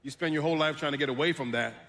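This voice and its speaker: A man whose first language is French, a voice actor telling anecdotes on a panel, relaxed and often laughing. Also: fairly high pitch, rapid-fire. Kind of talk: casual panel storytelling. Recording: long reverb from a convention hall stage.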